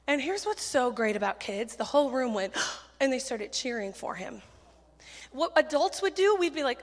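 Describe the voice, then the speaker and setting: A woman giving a sermon full of stories, talking in a chatty, animated, self-deprecating way with quick asides on a handheld mic in a church. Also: a little high. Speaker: children's ministry speaker. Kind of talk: sermon with storytelling. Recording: church hall reverb.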